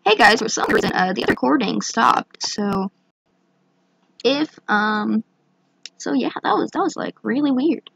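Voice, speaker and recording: A young woman with a hoarse voice, chatting excitedly through her gameplay with lots of fillers. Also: fairly high pitch, a little slow, a little hiss or hum, low-quality recording. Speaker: gaming channel host. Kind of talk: casual gameplay commentary.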